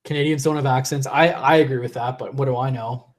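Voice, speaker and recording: A young man chats casually on a live stream in a middle-pitched voice. He is losing his voice, so he sounds a little worn. He rambles and stumbles through restarts between laughs. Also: fairly even intonation, quick pace. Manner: rambling, self-interrupting, laughs often. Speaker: live-stream host reading viewer chat.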